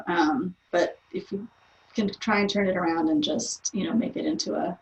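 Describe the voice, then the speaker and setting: A woman's voice: fairly low pitch, fairly even intonation, normal speed, highs cut off. A young adult woman chatting as an interview guest, laughing often and using lots of fillers. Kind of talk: casual interview chat. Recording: roomy, distant from the mic.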